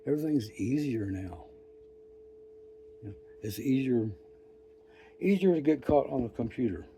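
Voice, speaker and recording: An older man telling a rambling story in a profane, folksy, wry way, with pauses and restarts. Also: mid-range voice, animated, dark tone, a little hiss or hum. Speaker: vlogger. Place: outdoors.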